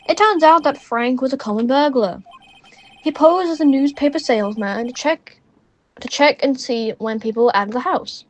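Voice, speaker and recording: A woman's voice: on the high side, normal speed. A young woman casually playing a video game, reading its dialogue aloud and cracking jokes and swearing in asides. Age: teens or young adult. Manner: chatty, jokey, swears in asides. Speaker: gaming video creator.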